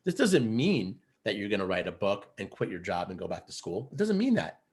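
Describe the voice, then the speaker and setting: A man coaching other men, telling stories in a casual interview, earnest and animated, with many fillers like "you know" and "like". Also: lowish voice, brisk. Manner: earnest, animated storyteller who acts out quotes. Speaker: guest, men's coach.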